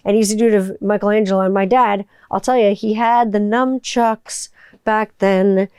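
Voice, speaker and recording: A woman's voice: mid-range voice, steady tone, moderate pace, dark tone, smooth, no echo. A woman hosting her own podcast in a casual solo monologue, chatty and enthusiastic, rambling with frequent restarts. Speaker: podcast host; voice-over artist.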